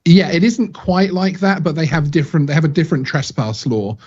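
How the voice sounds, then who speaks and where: A man's voice: on the high side, a little fast, darkish tone, husky. Hesitant man on lo-fi audio. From United Kingdom. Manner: hesitant, many fillers. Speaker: guest drone channel host. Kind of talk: casual chat on a live stream.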